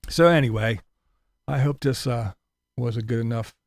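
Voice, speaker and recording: A man's voice: mid-range voice, moderate pace, vocal fry, dry recording, clean studio sound. A man ranting profanely on a casual live stream, sarcastic and mocking. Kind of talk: casual livestream rant.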